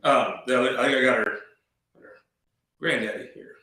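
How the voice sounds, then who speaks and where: A man's voice: medium pitch, moderate pace, bright, forceful tone, far from the mic. A man hosting a political show, talking bluntly in a folksy, rambling way with restarts. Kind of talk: casual political commentary. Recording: very echoey room, off mic.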